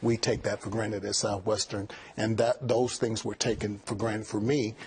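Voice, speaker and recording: A man's voice: lowish voice, little pitch movement, normal speed, a little mellow, breathy edge. A middle-aged man, a college president, answering interview questions earnestly and often repeating words as he thinks.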